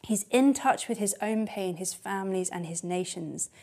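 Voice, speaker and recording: A woman preaching a candid, personal sermon, dropping to hushed tones at times. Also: mid-range voice, moderate pace.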